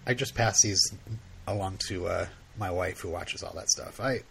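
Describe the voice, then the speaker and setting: A man's voice: moderate pace, gravelly, slightly rough. A man co-hosting a movie commentary podcast, chatting casually and laughing easily. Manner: laid-back, chuckling, animated pitch. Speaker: podcast co-host.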